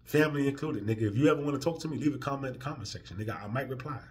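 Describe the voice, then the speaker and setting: A man ranting emotionally in a profane vlog, drifting from quiet, weary talk to loud, heated outbursts. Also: mid-range voice, rapid-fire, a little hiss or hum. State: emotional, near tears. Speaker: vlogger.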